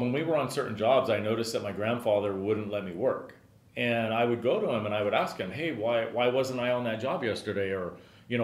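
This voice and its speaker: A middle-aged man hosting a podcast, telling a story casually and rambling with lots of filler words. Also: fairly low pitch. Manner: rambling, frequent "you know" fillers. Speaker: podcast host and business owner. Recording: roomy echo.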